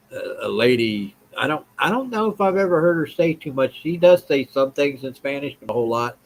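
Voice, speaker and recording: On a low-quality recording, a man with a medium-pitched voice hosts a live stream. He speaks bluntly, repeats his points, and reads and answers viewers' chat comments as he goes.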